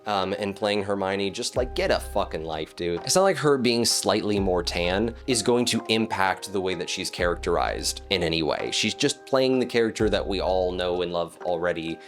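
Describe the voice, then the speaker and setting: A man's voice: low voice, animated, moderate pace, few pauses, faint music behind. A man ranting in casual commentary, swearing often and restarting words as he gets heated. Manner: profane, heated, stammering restarts.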